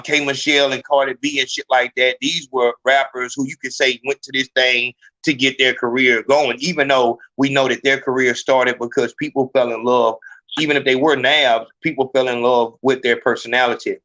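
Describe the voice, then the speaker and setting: A man hosting a live podcast, ranting in a profane, emphatic, animated way. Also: medium pitch, moderate pace. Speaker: podcast host. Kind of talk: heated live podcast rant.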